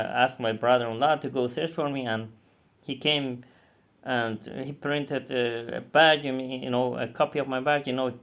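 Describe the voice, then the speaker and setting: A man's voice: mid-range voice, fairly bright tone. Bitter, profane man telling his story. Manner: bitter, profane, halting with many restarts. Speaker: former combat interpreter. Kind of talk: angry personal storytelling.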